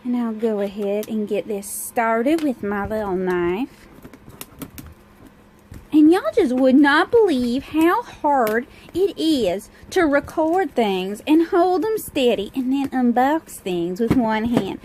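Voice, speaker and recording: A woman's voice: sits high, a little mellow, slight background noise, heavily acted, poor audio. A woman voicing a fancy, syrupy Southern lady with a Southern accent and a sweet, exaggerated drawl, recorded on a handheld phone. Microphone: cell phone held in hand.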